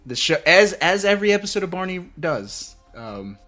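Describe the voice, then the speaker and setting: A man's voice: high voice, sing-song, normal speed, sharp tone, soft background music. A man co-hosting a podcast in casual chat, laughing often and restarting his sentences. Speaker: podcast co-host.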